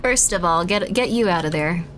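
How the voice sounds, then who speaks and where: A woman's voice: lowish voice, animated, normal speed, fairly bright tone, faint music behind. A young woman streaming a game, rambling and joking to herself, now and then breaking into panicked shrieks. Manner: rambling, self-deprecating, bursts into panicked shrieks. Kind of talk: casual gameplay commentary.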